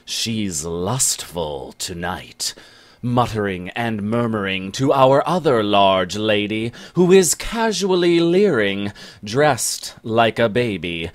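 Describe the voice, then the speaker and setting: A man narrating a comic rhyming ballad in a slow, storytelling way. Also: lowish voice, sing-song.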